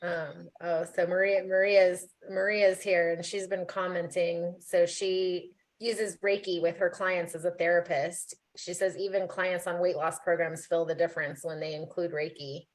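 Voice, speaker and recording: A woman's voice: fairly low pitch, flat delivery, a little slow, few pauses. A woman hosting a casual live interview, talking enthusiastically with lots of "you know" and "like". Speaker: host.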